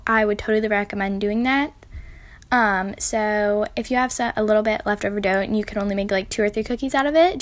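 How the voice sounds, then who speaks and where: A woman's voice: fairly high pitch, fairly bright tone, no echo. A woman, chatting and giggling as she bakes in her home kitchen for a casual vlog tutorial. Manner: chatty and giggly, talking while she works. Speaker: baking vlogger.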